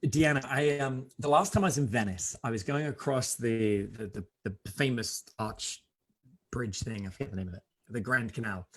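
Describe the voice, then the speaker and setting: A man on a video call with a medium-pitched voice, chatting loosely and laughing easily as he wanders through a story. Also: normal speed, slightly rough. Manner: laughs easily, rambling anecdotes. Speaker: guest. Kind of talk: casual chat.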